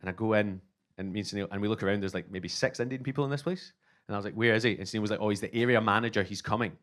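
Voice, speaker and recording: Scottish comedian telling a story, lowish voice. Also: male voice, very fast. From Scotland. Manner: animated, self-mocking, acts out both sides of dialogue. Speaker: stand-up comedian. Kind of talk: stand-up storytelling.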